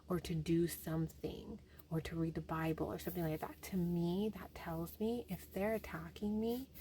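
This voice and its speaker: A woman's voice: lowish voice, slight background noise. Chatty woman telling a story. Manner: chatty, animated retelling with many fillers. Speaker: vlogger. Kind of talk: personal faith vlog storytelling.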